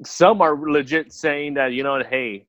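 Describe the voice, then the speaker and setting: A man's voice: fairly high pitch, a little slow, a bit bright, no room sound. A man in casual chat among friends who swears freely and repeats himself. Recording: dry, dull lo-fi mic.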